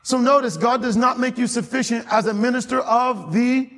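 A male pastor preaching a lively sermon in church, calling out to the congregation and repeating key phrases. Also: very high voice, moderate pace, big-room sound. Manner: animated, call-and-response with congregation, repeats phrases, laughs often. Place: church sanctuary.

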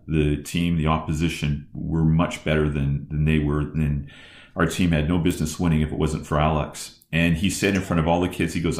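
A man in his fifties, a podcast host and former football coach, telling stories in conversation with many restarts. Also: rumbling low. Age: 50s. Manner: animated storyteller with many restarts. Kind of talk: conversational storytelling. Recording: roomy echo.

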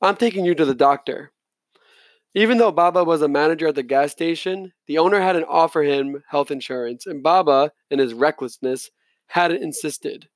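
A male reader narrating a novel in the first person, his voice sitting slightly high for a man. He reads plainly, now and then stumbling and restarting a word. The recording is dry and close. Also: normal speed, no room sound. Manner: plain reading with occasional slips and restarts. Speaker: audiobook reader.

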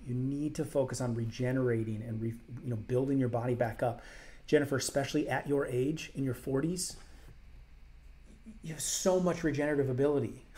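A man's voice: mid-range voice, dark tone. A man hosting a casual health Q&A show, answering viewer questions in a conversational, explanatory way with emphatic repetition.

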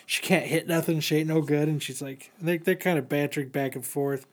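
A man with a slightly high voice talks through a comic story in loose, rambling podcast chat. He trips over his words, leans on fillers and swears freely. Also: steady tone, fairly quick. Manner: rambling, profane, many fillers. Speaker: podcast host. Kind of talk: casual comic book recap.

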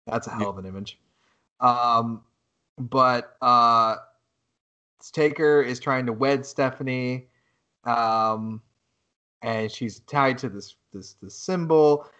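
A man co-hosting a laid-back podcast, mid-pitched and lively. He tells stories with rising excitement, swears freely and breaks into laughter. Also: slow pace, long pauses. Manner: animated storytelling, heavy swearing, bursts of laughter. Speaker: podcast co-host. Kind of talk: casual podcast chat.

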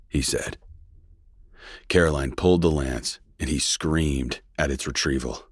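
A man with an extremely deep, husky voice reads a story aloud in a steady, measured way. He is close to the mic, in a dry space with no echo. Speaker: narrator. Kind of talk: scripted audiobook narration.

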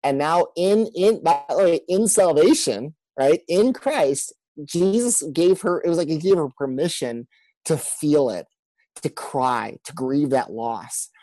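A man's voice: fairly high pitch, expressive, a little slow, mellow, rough recording. A man talking as a pastor in an earnest conversation, often repeating words and acting out what people said. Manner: earnest, repeats words, acts out quoted speech. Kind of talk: conversational podcast talk.

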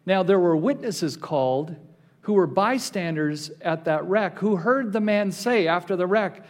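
A male pastor with a high, bright-toned voice delivers a sermon. He reads scripture aloud with building intensity and draws out key phrases slowly for weight. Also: animated.

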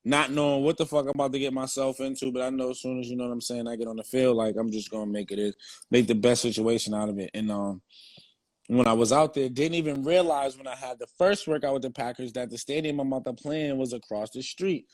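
A man's voice: mid-range voice, steady tone, fast, a little mellow, dry recording. A young man, a former football player, telling his story in casual, slang-heavy, profane talk.

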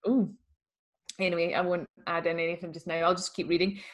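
A woman's voice: on the low side, level tone, a little fast. A woman who co-hosts a podcast, reading a listener's letter aloud in a chatty, wry way and laughing easily. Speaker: podcast co-host.

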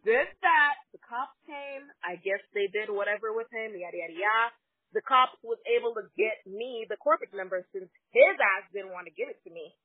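A woman's voice: medium pitch, animated, normal speed, husky, no echo. A woman animatedly telling a dramatic story in casual chat, peppered with fillers. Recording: tinny phone-like sound.

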